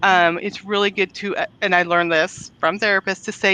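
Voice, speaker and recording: A middle-aged woman talks as a guest author. Her voice is bright and forceful. She explains things earnestly, in a conversational way, and laughs easily. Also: mid-range voice, animated, a little fast, no echo, rough recording. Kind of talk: conversational interview.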